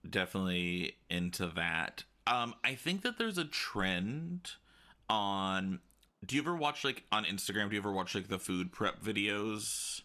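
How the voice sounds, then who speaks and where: Bright-voiced man in casual chat. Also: lowish voice, measured pace. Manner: chatty, animated, playful exaggeration.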